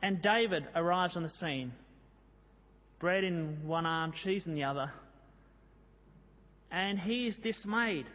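A man preaching a sermon, telling a Bible story in a lively way and reading scripture with drama. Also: sits high, takes it slowly, pauses often. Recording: long hall reverb.

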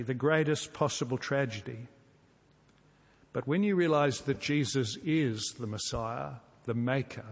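A man preaching a sermon, earnest and emphatic, repeating key phrases and dropping suddenly soft to drive a point home. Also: medium pitch. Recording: long reverb from a large hall.

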